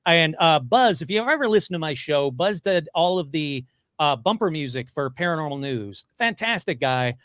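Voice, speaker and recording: Excitable man with a higher voice. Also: no room sound, studio quality. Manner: excitable, gushing, rushes through stories. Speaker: podcast guest, paranormal investigator. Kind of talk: casual interview chat.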